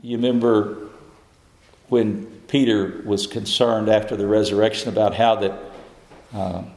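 A man preaching a sermon, building to fervent, high-pitched climaxes. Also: level tone, unhurried, a little mellow. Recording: echoey hall.

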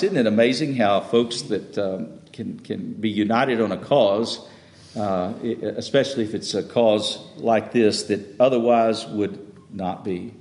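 A man preaching a slow, deliberate sermon in a church sanctuary. He stumbles and repeats words, then builds to loud emphatic peaks. The recording is roomy and echoey, with a long reverb tail. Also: mid-range voice. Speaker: pastor.

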